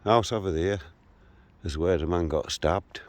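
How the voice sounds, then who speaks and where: A man's voice: low-pitched, measured pace. A man of sixty-three, telling a tough local story in a blunt, combative way while walking around outdoors. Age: 60s. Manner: blunt, combative retelling of a confrontation. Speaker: vlogger. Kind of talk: walkabout storytelling to camera.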